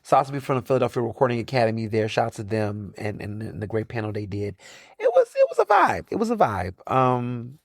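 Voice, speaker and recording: On his own solo podcast, a man talks in a loose, chatty, slangy monologue packed with quick asides. His lively intonation swings widely up and down in pitch, and the sound is close and dry with no room echo.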